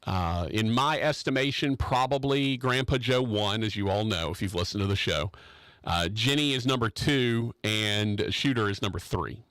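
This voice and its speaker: A man's voice: on the low side, moderate pace, fairly bright tone, smooth, no room sound. A man hosting a radio talk show from the studio, riffing on a topic in a rambling, joking, opinionated way with plenty of restarts. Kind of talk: casual opinionated radio chat.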